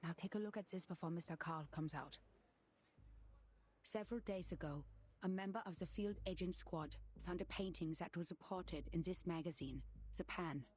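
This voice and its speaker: An actress playing a composed woman agent giving a calm, businesslike briefing in a game. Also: lowish voice, moderate pace, husky.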